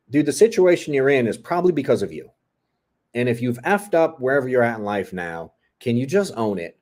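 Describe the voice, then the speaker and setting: A middle-aged man talks on a podcast in a blunt, profane, animated way. His voice sits at an ordinary mid pitch. He tells stories in a casual, unscripted style. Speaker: podcast co-host.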